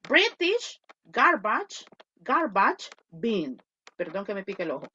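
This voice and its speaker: Lively woman teacher. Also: mid-range voice, measured pace, husky. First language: Spanish. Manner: switches between English and Spanish, repeats points, asks "okay?". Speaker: English teacher. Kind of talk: online class lecture. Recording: dull lo-fi audio.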